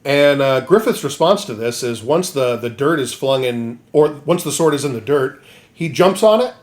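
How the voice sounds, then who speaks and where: A man co-hosting a comedy podcast, retelling a story with lively jokes and goofy voices. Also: medium pitch, moderate pace. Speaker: podcast co-host. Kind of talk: comedic casual chat.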